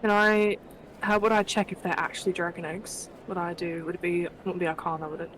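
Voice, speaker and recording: A woman's voice: on the low side, little pitch movement, a little fast, a bit bright, slight background noise, poor audio. A woman playing a tabletop game, asking curious questions about what her character can check. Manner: curious, asks rules questions. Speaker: player. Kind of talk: casual tabletop play.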